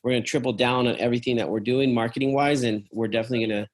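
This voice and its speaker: A man's voice: mid-range voice, steady tone, rapid-fire. This is a man chatting about his business in an easy, offhand way. He restarts his sentences often and fills the gaps with "um", "you know" and "man". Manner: rambling, many fillers and restarts; uses "man" and "dude" often. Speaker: travel business owner. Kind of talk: casual business conversation.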